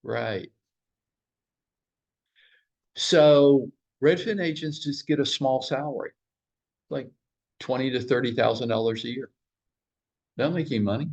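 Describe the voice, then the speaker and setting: A man's voice: medium pitch, moderate pace, pauses often, darkish tone. A man who runs a real estate office, leading a training huddle for his agents. He tells stories bluntly, swears a little, and fires rhetorical questions at the room. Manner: storytelling, blunt, mild swearing.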